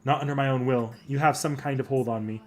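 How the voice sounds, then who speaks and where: A man speaks as a reserved woman warrior from a video game. The delivery stays quiet and restrained, with a cold menace underneath. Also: steady tone, quick pace, close to an everyday voice. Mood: cold, wistful. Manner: subdued, cold, low-key threatening. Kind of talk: voicing game dialogue aloud.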